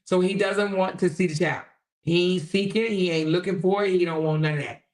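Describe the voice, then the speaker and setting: A woman with a lowish, fairly even, slightly mellow voice hosts a livestream at a fairly quick pace. Blunt and colloquial, she chats directly to her viewers and reads their comments aloud.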